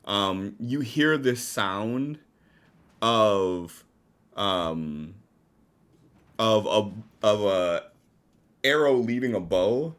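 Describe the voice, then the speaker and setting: A man running a tabletop game as game master, describing the action slowly and searching for words. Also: on the low side, animated, fairly bright tone.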